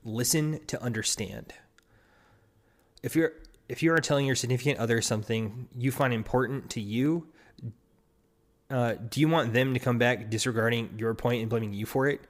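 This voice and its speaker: A man's voice: medium pitch, moderate pace. A man hosting a solo podcast, talking casually with many restarts and acting out quoted partners. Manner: rambling, restarts often, acts out quoted partners. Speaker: podcast host.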